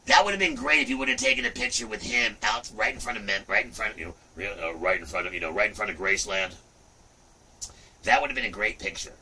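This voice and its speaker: A middle-aged man hosting a livestream, talking in a rambling, profane way with loud outbursts. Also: on the low side, quick pace, far from the mic, a little hiss or hum. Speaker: livestream host. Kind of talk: rambling casual livestream chat.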